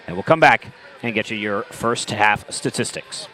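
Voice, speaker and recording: A man calling a live basketball game as play-by-play commentator, with brisk, excitable calls and wry asides. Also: fairly low pitch.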